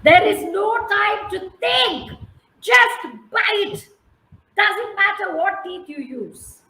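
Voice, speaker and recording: A woman's voice: very high voice, takes it slowly, bright, forceful tone, echoey room, pitched above the performer's own voice, exaggerated voice, poor audio. A woman with an Indian English accent voicing an impatient male frog who barks urgent orders. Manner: urgent, commanding.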